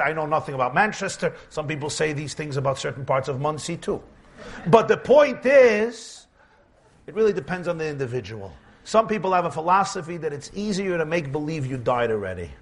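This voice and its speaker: A man giving a humorous sermon to an audience, telling lively stories, acting out quotes and dropping in Yiddish words. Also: high voice. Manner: animated storytelling with Yiddish words and acted-out quotes.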